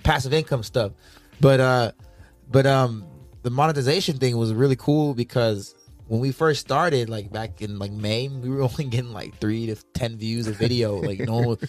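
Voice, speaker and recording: Podcast co-host dude, excitable and fast in spurts, faint music under. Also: male voice, mid-range voice. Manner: excitable, quick bursts, laughs often. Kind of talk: casual podcast chat.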